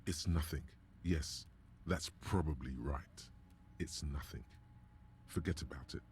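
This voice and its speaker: A man's voice: a bass voice, unhurried, a little mellow, slight background noise. An actor voicing a dry, wry male narrator of a detective's inner thoughts in a video game.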